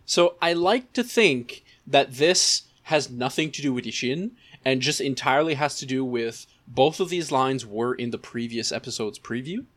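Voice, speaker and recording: A man's voice: medium pitch, lively intonation, moderate pace, hardly any pauses, fairly bright tone. A man co-hosting an anime recap podcast, talking casually and rambling, often acting out what the characters might be thinking. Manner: rambling, many "like" fillers, acts out characters' thoughts. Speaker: podcast co-host.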